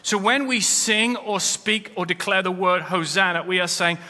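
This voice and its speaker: A man's voice: sits high, fairly even intonation, moderate pace, sharp tone. A man preaching a sermon as pastor, with rising emphasis as he quotes scripture. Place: church. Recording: long hall reverb.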